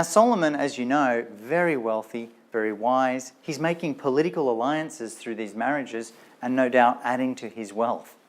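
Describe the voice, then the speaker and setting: A man lecturing on a Bible story, telling it with rhetorical questions and playful asides. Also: mid-range voice. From Australia.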